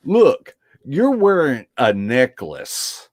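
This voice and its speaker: A man hosting a casual interview, prompting his guest slowly and laughing along. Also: mid-range voice, wildly swooping pitch, dry recording, clean studio sound. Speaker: interview host.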